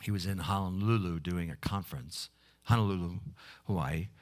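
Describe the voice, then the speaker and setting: A man preaching a sermon, telling a story with many halting restarts, then leading a prayer. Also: deep voice.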